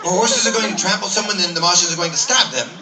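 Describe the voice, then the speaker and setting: Stage hypnotist, male, high and bouncy voice, teasing crowd-work, caught far off over a loud echoey fair crowd. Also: fast. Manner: playful, teasing showman. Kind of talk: live comedy stage show. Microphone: audience camera from a distance. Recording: distant echoey outdoor crowd recording.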